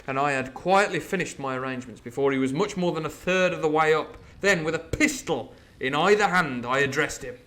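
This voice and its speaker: A man reading a classic adventure novel aloud as host of a live stream, with animated, jokey asides. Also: fairly high pitch, fairly quick, few pauses. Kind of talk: storybook reading with live commentary.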